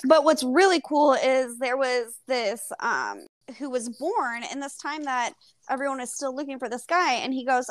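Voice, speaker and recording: Woman podcast co-host, high voice, animated and laughing, dry close sound. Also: normal speed, no echo. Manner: animated, laughing, swears casually. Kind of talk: casual book chat.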